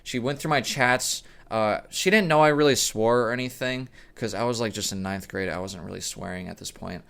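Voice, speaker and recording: A man's voice: on the low side, moderate pace, gravelly, hardly any pauses, a bit bright, clean tone. A young man telling a rambling, profane story in a casual vlog, often correcting himself. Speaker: storyteller vlogger.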